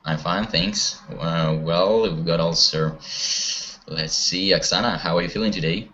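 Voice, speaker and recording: A man's voice: low-pitched, measured pace, pushed and bright. A man teaching an online English conversation class, encouraging students with many questions over a video call. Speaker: language teacher. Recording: muffled online call audio.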